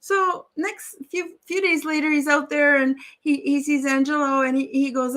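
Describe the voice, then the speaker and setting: A woman with a high, bright voice tells a long joke over a video call. She is chatty and a little self-deprecating. She keeps the tale moving with plenty of small asides. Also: flat delivery, moderate pace, hardly any pauses. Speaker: guest. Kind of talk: telling a joke on a live stream.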